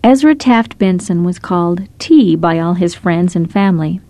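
A woman narrating short scripted stories in a gentle, measured storytelling manner. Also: fairly low pitch, lively intonation, dry recording.

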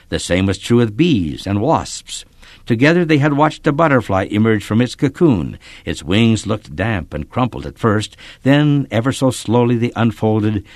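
Low-voiced, expressive male storyteller. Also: no room sound. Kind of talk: scripted narration of a children's story.

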